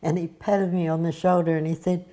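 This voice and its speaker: A woman telling an anecdote in an interview, unhurried and pausing often. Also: on the low side, flat delivery, mellow. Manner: unhurried storytelling with hesitations.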